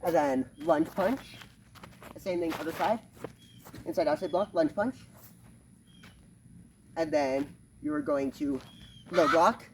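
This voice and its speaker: A man with a fairly high, lively voice walks through a karate form, stopping and starting and calling out "bam" on each strike as he moves. He is recorded on a camera set some distance away in a backyard, with clear outdoor noise and chickens clucking behind him. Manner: halting, many fillers, punctuates moves with "bam"; talks while performing moves. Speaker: karate instructor. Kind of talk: casual demonstration lesson.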